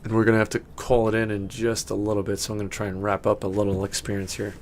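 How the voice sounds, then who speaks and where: Here the game master talks fast in a fairly low, monotone voice, with a little hiss or hum on the recording. He narrates the tabletop game in a rambling way, restarting often, filling gaps, and breaking into laughter again and again.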